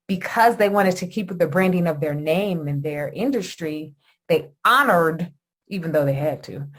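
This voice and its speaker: A middle-aged woman from Michigan hosting a podcast, telling a personal story in an animated way and talking straight to her listeners. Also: on the low side. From Michigan, USA. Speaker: podcast host. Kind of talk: storytelling monologue.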